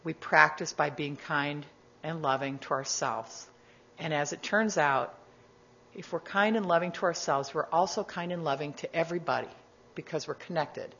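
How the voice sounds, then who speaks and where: A woman guest speaker giving a reflective sermon-style talk to a congregation, gentle and measured, with conversational asides. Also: sits low, creaky. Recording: dull lo-fi recording.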